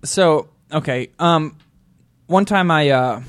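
A man in casual talk-show banter, telling a story with animation and acting out the lines he quotes. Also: on the high side. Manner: animated, quick storyteller who acts out quotes. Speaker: show regular.

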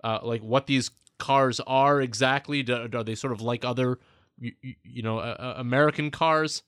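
A man's voice: mid-range voice, steady tone, moderate pace, a bit bright, smooth, dry recording. Jokey male podcast host. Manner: jokey, loose questions with fillers. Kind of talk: podcast interview.

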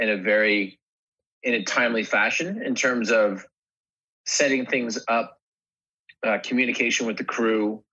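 A husky, breathy male voice on a slightly dull, muffled recording. A guest actor in relaxed podcast conversation, he circles his thoughts and often restarts a phrase before finishing it. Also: mid-range voice. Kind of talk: casual podcast chat.

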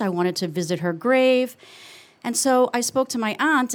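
A middle-aged woman telling a personal story on stage, earnest and confessional, slowing down with reflective pauses. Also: medium pitch. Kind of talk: live storytelling.

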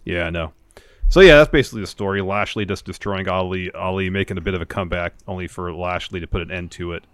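A man's voice: low voice, fast talker, fairly bright tone, no echo, clean studio sound. A man co-hosting a casual wrestling podcast, retelling segments play by play in a rambling way with many restarts. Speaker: podcast co-host. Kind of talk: casual wrestling recap chat.

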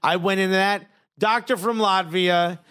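A man hosting a podcast, telling a comic story in casual, animated chat. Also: sits high, normal speed, clear, resonant tone. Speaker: podcast host.

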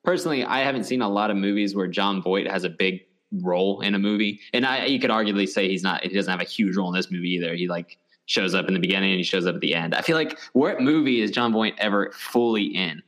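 A man with a lowish voice co-hosting a podcast. He chats casually and easily, laughing often and stumbling over a few restarts. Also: quick pace, fairly bright tone. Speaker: podcast co-host. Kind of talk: casual chat.

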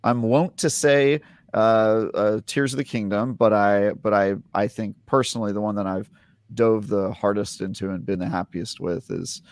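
A man's voice: lowish voice, normal speed, no room sound, clean studio sound. A man co-hosting a casual gaming podcast, rambling and restarting his sentences as he thinks aloud. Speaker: podcast co-host. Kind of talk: casual chat.

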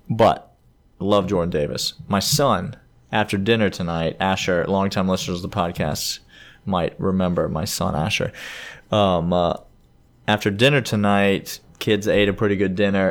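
Laughing, chatty male podcast host. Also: low voice. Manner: animated, laughs often, acts out quoted dialogue. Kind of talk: casual sports chat.

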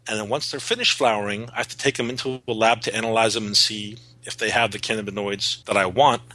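A man with a low, husky voice talks earnestly as a podcast guest, backing up and restarting his sentences as he explains. His tone is sharp and forceful. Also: steady tone, fast, poor audio. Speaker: guest, cannabis seed breeder. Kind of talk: podcast interview.

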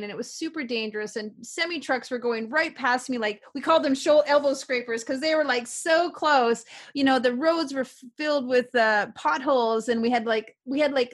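A middle-aged woman from Canada, a guest telling stories in a casual interview, upbeat and animated, repeating affirmations. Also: sits high, normal speed, hardly any pauses. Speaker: guest, author and publisher.

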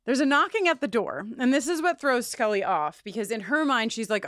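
A woman co-hosts a podcast, recapping a TV episode in casual chat with a fairly quick, higher-pitched voice and hardly any pauses. She swears freely and animatedly acts out quoted lines from the show, all captured in echo-free, studio-quality sound.

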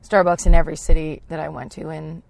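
A woman's voice: deep voice, flat delivery, fast, vocal fry, darkish tone, no room sound, low-quality recording. A middle-aged woman co-hosting a podcast in a casual chat, making dry, teasing asides. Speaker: podcast co-host.

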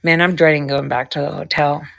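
A woman's voice: sits low, flat delivery, brisk, gravelly, fairly bright tone, a little hiss or hum. A woman hosting a livestream, chatting casually and rambling between stories, swearing freely. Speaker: livestream host. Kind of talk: casual chat with a co-host.

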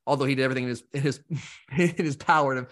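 A man co-hosting a sports podcast, talking fast and rambling, with lively asides. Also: medium pitch. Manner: animated, rambling, mimics fans in quotes. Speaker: podcast co-host. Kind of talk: casual sports talk.

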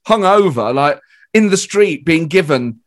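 A British man, a comedian guest, telling an excited story in casual chat, with frequent restarts. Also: a little high, unhurried.

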